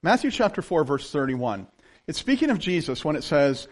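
A man preaching a sermon as pastor, telling stories in an animated way and often laughing. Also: fairly high pitch, moderate pace.

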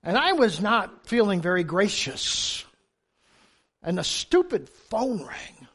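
Animated older man preaching a sermon. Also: high-pitched, slow pace. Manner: animated, humorous storytelling with sudden loud emphasis. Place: church.

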